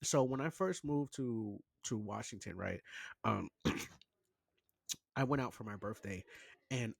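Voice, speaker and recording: A man co-hosting a podcast, telling a story in casual chat, animated and quick to swear. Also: mid-range voice, dry recording, clean studio sound. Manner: animated, swears freely, slips into mocking quoted voices. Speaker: podcast co-host.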